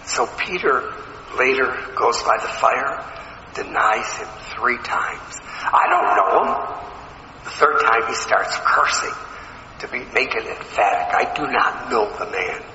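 Slow, earnest man preaching in an echoey hall. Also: mid-range voice, expressive, pushed and bright, slight background noise. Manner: earnest, emphatic preaching with rhetorical questions. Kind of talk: sermon. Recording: echoey hall, slightly dull sound.

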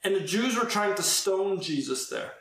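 A man's voice: high-pitched, expressive, moderate pace, a bit bright. A man preaching a conversational sermon, acting out quoted exchanges as he goes. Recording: very roomy, echoey sound.

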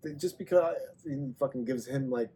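A man in a casual podcast chat, telling animated stories and swearing freely. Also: medium pitch, moderate pace, husky. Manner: animated storyteller, swears a lot. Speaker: podcast guest or host.

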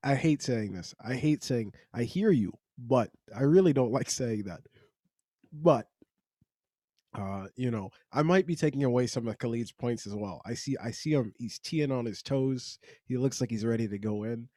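A man with a mellow, warm voice hosts a casual podcast chat, rambling along and restarting his sentences. His voice sounds dry and close, with no room around it. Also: medium pitch, expressive, normal speed, no room sound. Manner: conversational, rambling, frequent restarts. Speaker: podcast host.

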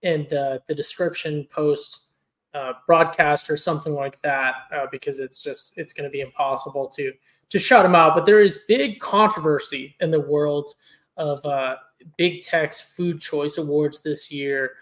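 A man's voice: on the high side, measured pace, a bit bright, poor audio. A man co-hosting a podcast in casual chat, rambling with many restarts and fillers. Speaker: podcast co-host.

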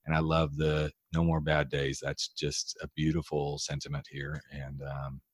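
Upbeat podcast host, dry close sound. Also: male voice, very deep voice, level tone, a little slow, slightly rough, no echo. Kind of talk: casual interview chat.

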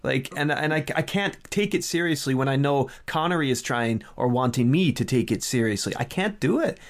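Casting: man, mid-pitched, opinionated film critic, animated, casual podcast chat. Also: fairly quick. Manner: opinionated, animated, frequent restarts. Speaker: film review podcast host.

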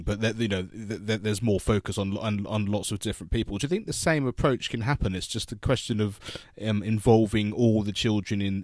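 Male host, very deep, dry close sound, rambling hesitant questions. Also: no echo. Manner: rambling, hesitant, many restarts. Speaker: interview host. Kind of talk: conversational interview questions.

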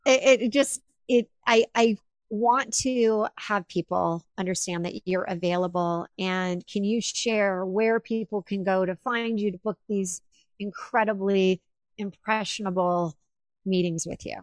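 A woman hosting a podcast, telling a personal story in an animated, effusive way. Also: medium pitch, unhurried, dry recording. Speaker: podcast host.

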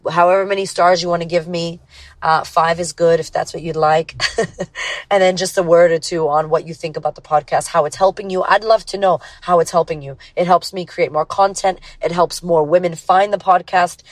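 A woman's voice: on the low side, fairly even intonation, fairly quick, no room sound. A woman hosting a podcast, talking casually in a blunt, emphatic way with frequent swearing. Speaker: podcast host. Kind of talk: casual motivational podcast monologue.

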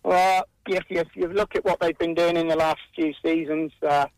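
A man's voice: on the high side, fairly even intonation, normal speed, no echo. A man calling in to a radio show, hesitant and full of fillers, speaking over a muffled phone line. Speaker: caller. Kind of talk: phone interview.

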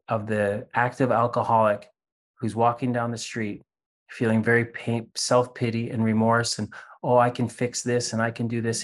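A man speaking candidly in a video call interview, earnest and halting with many restarts, sometimes acting out voices as he tells a story. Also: lowish voice. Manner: acts out voices in a parable. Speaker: interview guest. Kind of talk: candid conversation about recovery.

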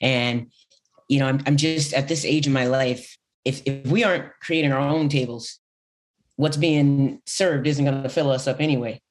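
A man's voice: medium pitch, steady tone, moderate pace. A man interviewing a guest, reflecting thoughtfully in casual chat. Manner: thoughtful, with many "you know" fillers.

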